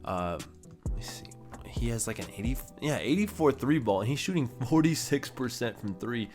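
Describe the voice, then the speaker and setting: A man's voice: mid-range voice, expressive, moderate pace, a little mellow, faint music behind. A young man casually commenting on a basketball video game, chatty and rattling off stats as he corrects himself. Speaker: gaming YouTuber.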